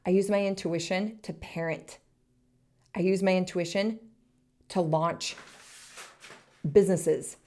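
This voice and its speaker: Earnest woman podcast host in her thirties, low voice, encouraging solo monologue. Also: fairly even intonation, slow pace, long pauses. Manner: earnest, encouraging, speaks in short soft phrases.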